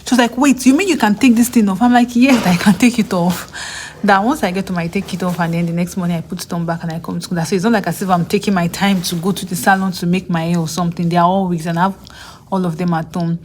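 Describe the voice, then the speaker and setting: A woman's voice: steady tone, fast, a little mellow, slight background noise. Chatty young Nigerian woman vlogging. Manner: chatty, acts out others' lines in a higher voice. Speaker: vlogger and graduate student. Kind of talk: casual storytelling vlog.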